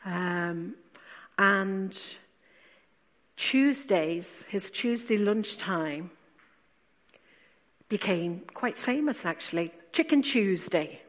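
A woman preacher giving a sermon, speaking slowly and with emphasis, asking rhetorical questions and dropping to quiet asides. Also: mid-range voice, expressive. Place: church. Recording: long church reverb.

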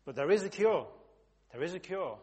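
A grave male consultant lays out his orders one after another, solemn and insistent, as a man telling a joke puts him on. His voice sits a little high for a man. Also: animated, normal speed, darkish tone. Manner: solemn, insistent, repeats instructions.

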